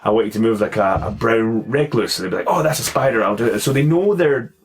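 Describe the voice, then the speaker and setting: Man host, mid-pitched voice, animated funny storyteller, swears and laughs, casual podcast. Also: fast talker, a little hiss or hum. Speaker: podcast host and karate instructor.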